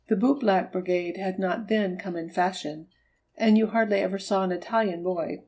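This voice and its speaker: A woman narrating a children's storybook in an even, measured reading. Her voice sits at a middle pitch for a woman. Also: low-quality recording. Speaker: audiobook reader. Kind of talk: scripted narration.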